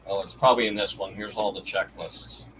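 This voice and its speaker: A man's voice: on the low side, steady tone, brisk, fairly bright tone, a little hiss or hum, poor audio. A man chatting as a guest on a card-break livestream, laughing easily and talking while he digs through his boxes. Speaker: stream guest. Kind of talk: casual livestream chat.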